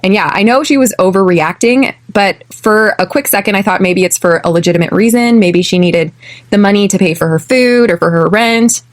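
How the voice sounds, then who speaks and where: A young American woman from California, hosting an English lesson podcast and speaking clearly and deliberately, slowing down for drills. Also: mid-range voice. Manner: clear, deliberate, slows for repeat-after-me drills. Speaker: podcast host, English teacher.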